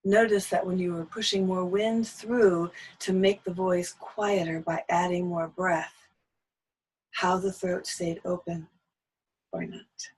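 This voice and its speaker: Slow, gentle woman voice teacher. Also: on the low side, level tone, husky, low-quality recording. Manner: slow, gentle instruction with sung lullaby phrases. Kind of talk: singing lesson.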